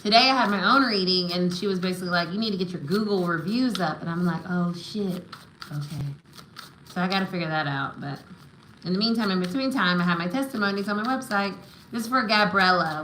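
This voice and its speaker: A woman with a fairly low voice gives live tarot and oracle readings, speaking fast in a pushed, bright way and offering emotional, spiritual encouragement. She affirms her listeners and often checks in with "right?" and "okay?". The low-quality recording sounds roomy, with a little hiss or hum.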